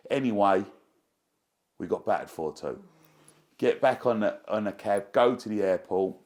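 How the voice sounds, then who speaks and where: A man telling a long, excitable anecdote as an interview guest, rambling and fond of slang. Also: lowish voice, moderate pace.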